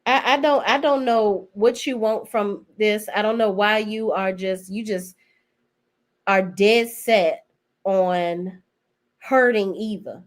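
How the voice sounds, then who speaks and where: A woman's voice: medium pitch, takes it slowly. A woman giving a casual, blunt and profane recap of TV episodes, chatting straight to her viewers. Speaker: TV show reviewer.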